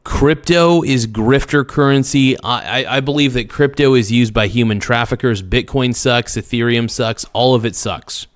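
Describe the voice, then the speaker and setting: A man's voice: medium pitch, normal speed, hardly any pauses, no echo, clean studio sound. A man hosting a casual livestream, reading viewer comments aloud and answering them in a rambling, blunt way. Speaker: livestream host.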